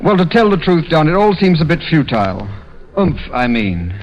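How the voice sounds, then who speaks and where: A man's voice: a little high, very animated, moderate pace. Rueful British man on 1930s radio. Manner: dry, rueful, self-deprecating delivery. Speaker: comedy guest. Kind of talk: 1930s radio comedy banter. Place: radio studio. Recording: dull 1930s radio broadcast.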